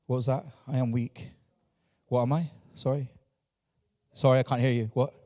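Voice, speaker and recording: A man's voice: mid-range voice, flat delivery, fairly quick, mellow, long reverb tail. A man preaching a sermon as pastor, repeating phrases and drawing answers from his congregation. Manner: repetitive, call-and-response with the congregation. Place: church.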